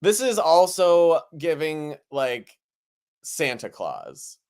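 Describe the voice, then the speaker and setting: A man's voice: on the high side, sing-song, slow pace, darkish tone, clear, resonant tone. A man co-hosting a comedy podcast who reads Bible passages aloud and breaks into joking, laughing riffs. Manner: playful, reads scripture then riffs with laughter. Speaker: podcast co-host. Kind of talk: comedic Bible reading and banter.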